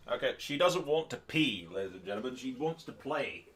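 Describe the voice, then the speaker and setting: A man with a lively, swinging voice gives casual let's-play commentary on a strategy game from his home. His voice is bright and forward, and he talks back at the characters on screen and laughs a lot. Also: mid-range voice, fairly quick, breathy edge. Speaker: gaming YouTuber.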